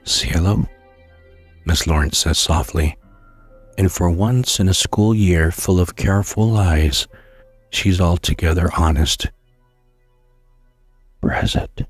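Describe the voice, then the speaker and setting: A man narrating a scary story in a slow, hushed storytelling manner, with occasional stumbles. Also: sits low, slightly rough, soft background music.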